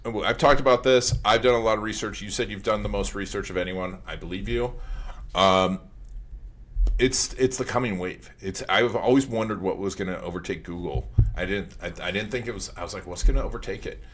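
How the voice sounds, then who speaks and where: Casual, low-voiced man podcast host. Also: a little fast. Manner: casual, rambling, many fillers and restarts. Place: his office.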